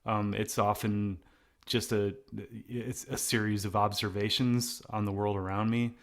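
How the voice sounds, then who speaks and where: A man's voice: lowish voice, level tone, unhurried. A middle-aged man, singer in a band, talking casually in an interview, rambling with many restarts and fillers. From United States. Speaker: singer of a post-hardcore band.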